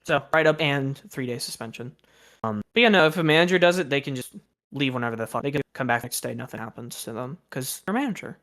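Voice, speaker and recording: A man's voice: medium pitch, fast, a bit bright. A young man streaming, telling a story in a casual rant, exasperated and aggrieved, swearing freely.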